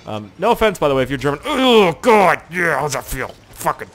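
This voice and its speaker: A man's voice: on the high side, big pitch swings, brisk, fairly bright tone. A young man casually commentating a video game, goofy and joking, swearing freely. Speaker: gaming channel host. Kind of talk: casual let's play commentary.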